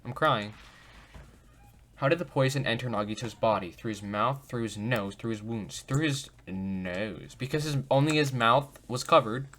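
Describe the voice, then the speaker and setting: A man's voice: mid-range voice, moderate pace, hardly any pauses, fairly bright tone. A man hosting a let's play who jokes about himself and talks to himself while he thinks things through. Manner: goofy, self-mocking, talks to himself. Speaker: gaming video host.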